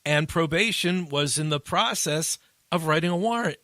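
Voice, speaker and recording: A man hosting a casual podcast chat, telling an animated story that climbs high at the funny parts. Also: normal speed, no room sound. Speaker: addiction interventionist, podcast host.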